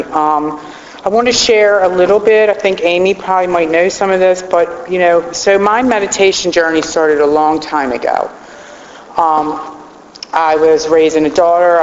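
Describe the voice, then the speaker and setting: A woman's voice: deep voice, slight background noise. A middle-aged woman telling her own recovery story in a heartfelt, rambling way. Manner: heartfelt, rambling, choked up at times. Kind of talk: personal testimony talk. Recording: roomy hall, dull lo-fi sound.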